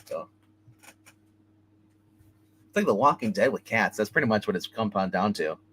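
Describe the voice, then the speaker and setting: On a casual livestream comic book review, a man with a lowish, slightly bright, breathy voice talks animatedly at normal speed. He retells the story loosely and rambles through the plot, restarting often, leaning on fillers and "he's like."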